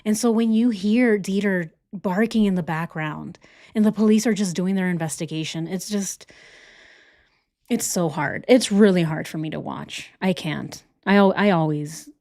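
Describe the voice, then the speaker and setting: A woman's voice: on the low side, moderate pace, a little mellow, dry recording, studio quality. A woman hosting a casual reaction commentary, indignant, firing off rhetorical questions and repeating herself. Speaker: reaction channel host.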